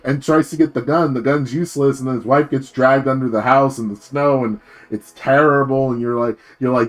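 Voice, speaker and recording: A man's voice: mid-range voice, fairly quick, few pauses. A man streaming as a VTuber, rambling in a casual rant full of fillers and swearing.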